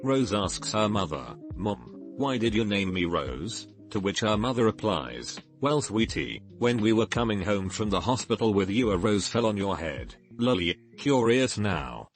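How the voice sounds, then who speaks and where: A man with a fairly low voice reads forum posts aloud in an even, literal manner. Faint music plays underneath him. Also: normal speed, hardly any pauses. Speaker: narrator.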